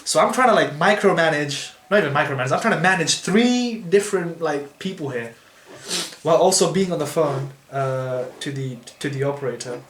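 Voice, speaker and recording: A man telling a story in casual chat, animated and acting out what people said, with frequent restarts. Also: fairly high pitch, a little fast. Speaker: storyteller friend. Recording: echoey room with faint noise.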